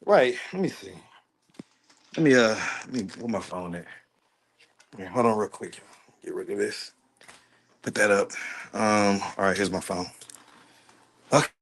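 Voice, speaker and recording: A man's voice: on the low side, unhurried, vocal fry, pauses often, a bit bright. A man chatting casually with viewers on a phone livestream, indoors in his apartment. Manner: chatty, addresses viewers directly, easygoing.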